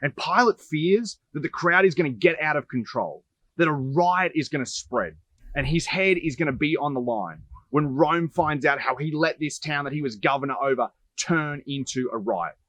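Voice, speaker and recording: A man telling a sermon as a story, speeding up in places and trailing off quietly at phrase ends. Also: on the high side, normal speed, dry recording. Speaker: preacher.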